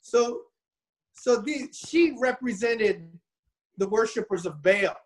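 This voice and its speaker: In poor-quality audio, a high-voiced man slowly tells a Bible story in a loose, lively manner. He wanders as he goes and keeps starting his sentences over.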